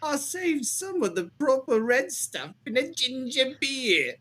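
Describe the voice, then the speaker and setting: A man voicing a gleeful male Victorian killer with a put-on British accent, reading a taunting letter in a halting, mocking way. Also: very high-pitched, very animated, bright, forceful tone, husky, voice pushed up, heavily acted. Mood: gloating. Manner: mocking, cackling, halting read.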